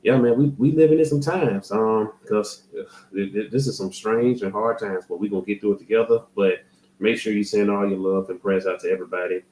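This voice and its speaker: A man's voice: on the low side, steady tone, brisk, warm tone, a little hiss or hum. Host, US man: casual, joking, talks to viewers; roomy sound. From American South, Florida. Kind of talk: casual show intro.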